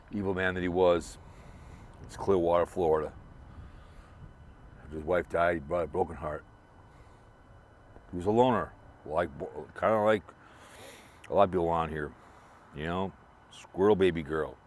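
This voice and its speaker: A man's voice: low voice, a little hiss or hum. A man talking in a loose, rambling way, repeating himself while he drives and remembers a friend. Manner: rambling, repetitive, restarts a lot. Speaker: vlogger remembering a late fellow creator. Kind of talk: casual rambling monologue.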